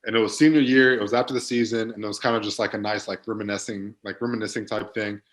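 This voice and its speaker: A man's voice: fairly low pitch, fairly even intonation, quick pace, fairly bright tone. Laid-back young man telling stories. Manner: laid-back storytelling, many fillers. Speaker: guest, pro football player. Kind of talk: casual podcast chat.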